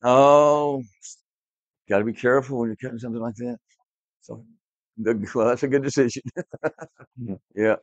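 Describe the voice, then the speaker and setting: A man's voice: mid-range voice, vocal fry, dry recording. A man teaching a class Bible lesson, emphatic and repetitive, quizzing his students in a classroom. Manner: emphatic, repeats key words, quizzes the class. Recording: dull lo-fi, dry.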